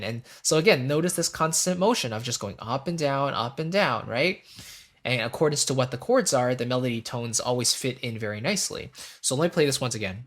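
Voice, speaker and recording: Man calmly explaining a melody. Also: mid-range voice, brisk, over loud music. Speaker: composer and music teacher. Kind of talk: casual music theory lesson.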